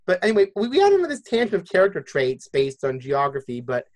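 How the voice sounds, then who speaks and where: A man's voice: high voice, huge pitch swings, fast talker. A man hosting a podcast in casual chat, thinking aloud and hedging as he goes. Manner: chatty, thinking aloud with hedges. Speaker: podcast host.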